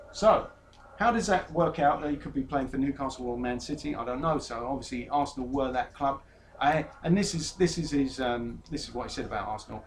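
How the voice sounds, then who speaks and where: A man's voice: fairly high pitch, lively intonation, fairly quick, a little hiss or hum. A man hosting a casual football podcast, teasing his guest and reading out transfer news. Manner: jokey, teasing, reads out player news. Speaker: podcast host.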